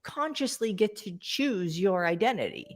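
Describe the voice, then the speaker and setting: A woman co-hosting a casual chat, chiming in with quick reactions and questions. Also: medium pitch, animated. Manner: responsive, chimes in with reactions and questions. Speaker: co-host.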